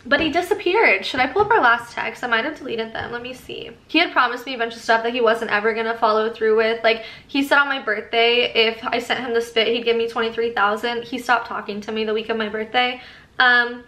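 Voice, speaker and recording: A woman's voice: on the high side, a little fast, sharp tone, roomy sound. A young woman telling a casual storytime as a vlogger, chatty and reading old texts aloud with laughing asides. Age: young adult.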